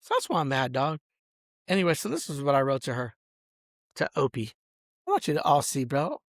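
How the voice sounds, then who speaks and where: A man's voice: a little high, huge pitch swings, brisk, no room sound, studio quality. A man in a rambling, angry vlog rant, boastful, smoking a cigar as he talks and saying "bro" and "dog" at every turn. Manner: smoking a cigar while talking. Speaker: vlogger.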